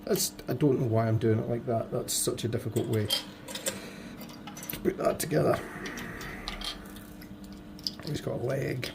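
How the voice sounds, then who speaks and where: A man with a hoarse, fading voice, muttering to himself and joking at his own expense as he builds toy models. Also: mid-range voice, steady tone, unhurried, pauses often, noisy background. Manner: muttering to himself, self-deprecating. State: hoarse, voice going. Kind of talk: casual build commentary.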